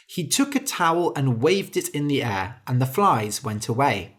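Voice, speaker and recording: A storyteller reading a fairy tale aloud slowly and clearly for English learners. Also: medium pitch. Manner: slow, clear, lively delivery.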